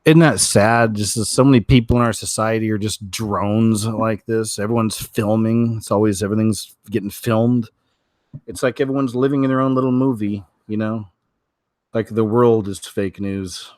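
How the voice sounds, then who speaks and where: A man's voice: fairly low pitch, fairly even intonation, normal speed, a little mellow, dry recording. A man casually commenting on news stories and clips, chatty and laid-back with trailing asides. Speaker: video commentator.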